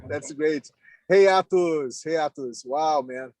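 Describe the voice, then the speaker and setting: Halting man on a video call. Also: on the high side, a little mellow, no echo. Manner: halting, repeats words, laughs often. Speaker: meeting participant. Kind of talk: casual video call chat. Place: in a car on the road.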